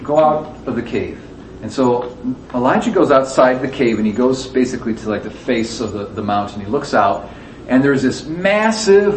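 A man's voice: mid-range voice, a little mellow. A man teaching a Bible lesson to a class, talking conversationally, asking the audience questions and acting out the quotes. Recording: echoey room, distant mic, faint background noise.

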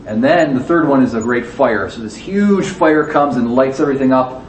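A man's voice: medium pitch, expressive, normal speed, hardly any pauses. A man teaching a Bible lesson to a class, talking conversationally, asking the audience questions and acting out the quotes. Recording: echoey room, distant mic, faint background noise.

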